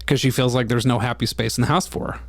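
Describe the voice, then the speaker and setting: A man's voice: medium pitch, fairly even intonation, fast talker, no echo. Candid man telling a story, dry close mic. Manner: candid storytelling, swears freely. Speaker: podcast co-host. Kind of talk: casual chat.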